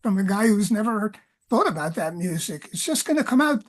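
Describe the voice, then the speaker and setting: A woman lecturer in an academic discussion, talking in halting phrases with many restarts. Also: mid-range voice, very animated.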